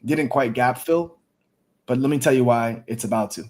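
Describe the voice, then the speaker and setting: A man's voice: mid-range voice, moderate pace. Hyped, cursing male stream host. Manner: excited, profane, hyped up. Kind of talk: casual livestream chat.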